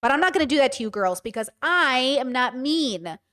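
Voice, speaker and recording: A woman's voice: sits high, animated, a little fast, a bit bright. A woman in her thirties hosting a casual livestream, talking candidly and swearing freely as she answers her chat. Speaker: streamer host.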